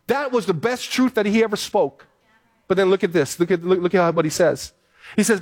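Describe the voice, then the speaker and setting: High-voiced man preaching with fervor. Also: a little fast. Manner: impassioned, repetitive preaching with stammered restarts. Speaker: pastor. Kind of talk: sermon. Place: church in Hawaii.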